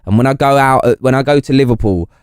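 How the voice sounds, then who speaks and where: A man's voice: medium pitch, quick pace, clear, resonant tone, dry recording, clean studio sound. A man with a London accent chatting casually on a podcast, swearing freely and mimicking other people. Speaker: podcast guest.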